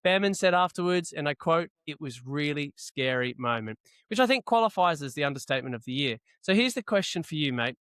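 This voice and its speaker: A man hosting a casual motorsport podcast, running through the episode in a brisk, wry presenter's manner. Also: high-pitched, expressive, a bit bright, clean tone, no echo. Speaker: podcast host. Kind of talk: casual chat.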